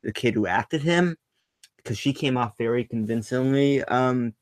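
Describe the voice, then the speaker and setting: This young man hosts a casual livestream, reading chat questions aloud and answering them bluntly, rambling on with plenty of ums and swearing. His voice is mid-range and a little slow, with no room sound.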